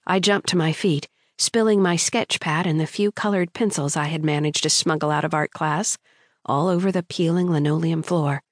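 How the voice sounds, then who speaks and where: A woman with a low voice reads a first-person audiobook in a measured, storytelling manner. The recording is dry and close, with no room sound around her. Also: no room sound. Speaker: audiobook narrator. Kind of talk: scripted first-person narration.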